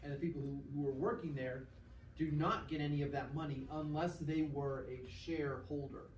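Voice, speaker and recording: A man's voice: on the high side, steady tone, normal speed. A man teaching a class, explaining step by step, checking in with the students and acting out small examples. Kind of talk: classroom lecture. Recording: echoey classroom from far off, faint noise.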